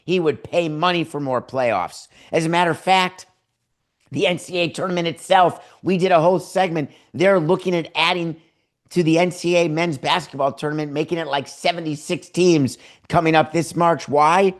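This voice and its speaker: A man's voice: on the high side, fairly even intonation. Emphatic man hosting a sports talk show. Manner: emphatic, lecturing, stretches words for emphasis; rapid-fire asides and rhetorical questions. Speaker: podcast host. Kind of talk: opinionated sports commentary.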